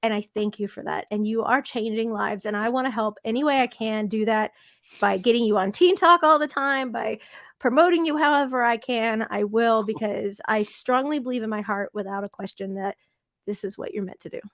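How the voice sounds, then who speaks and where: Animated, gushing woman with a higher voice. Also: fairly quick, no echo, studio quality. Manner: gushing, animated storyteller with many restarts. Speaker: podcast guest, fellow show host. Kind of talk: casual conversation.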